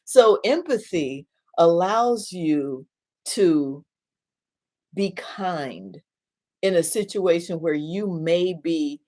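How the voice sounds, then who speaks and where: Woman minister giving a caregiving talk, kinda low voice, earnest, keeps repeating words and restarting, slows down on the big points. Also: lively intonation, a little mellow. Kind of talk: teaching talk with storytelling.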